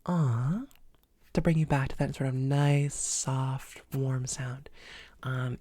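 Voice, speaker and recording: A woman voice coach giving an instructional lesson in a calm, measured way, with frequent "sort of" and "um" fillers as she explains exercises. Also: very deep voice, dry recording. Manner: demonstrates sounds with their own voice.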